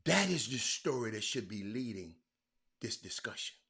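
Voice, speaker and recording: Man, sports show host, bright tense voice, stumbles and repeats words, calls out viewers. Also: fairly low pitch, moderate pace. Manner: animated, repeats words, addresses viewers by name. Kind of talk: live-stream chat with viewers.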